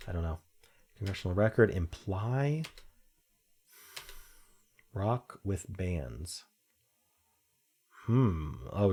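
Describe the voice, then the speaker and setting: A man's voice: sits low, gravelly, dark tone, husky. A man thinking aloud while he solves a crossword, reading clues aloud and muttering half-sure guesses. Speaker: crossword-solving video host.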